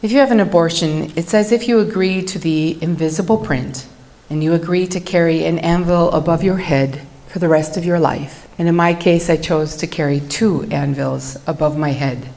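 A woman giving a personal testimony to an audience, earnest and reflective, telling her story in measured phrases. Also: sits low, dark tone.

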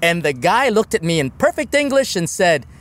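A man's voice: sits high, very animated, moderate pace, fairly bright tone. A man, a priest co-hosting a live outdoor question-and-answer session, tells funny stories with lots of laughter and mimicked voices. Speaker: priest, co-host. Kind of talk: storytelling at a live Q&A. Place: outdoors on a river cruise ship deck.

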